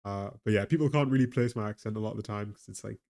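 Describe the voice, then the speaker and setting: Fast and gravelly, this man's low, darkish voice carries a weak Geordie accent. Tired, he rambles and laughs about the economy in a casual live stream, talking to his chat and to a pet.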